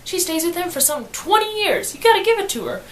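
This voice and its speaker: A woman giving a casual book summary in slangy, animated storytelling, acting out quotes as she goes. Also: very high voice, fairly quick, slight background noise. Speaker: student reviewer.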